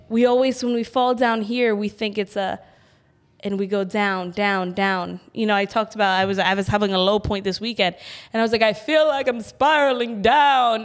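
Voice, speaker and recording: A woman in her thirties co-hosting a casual, reflective conversation, talking in an animated, giggly way with lots of "like". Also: medium pitch. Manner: animated, giggly, says "like" a lot. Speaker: podcast co-host.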